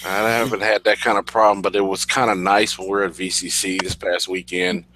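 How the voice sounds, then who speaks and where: A man's voice: low-pitched, flat delivery, a little fast, pushed and bright, a little hiss or hum. A man in casual chat sharing profane anecdotes, laughing at himself.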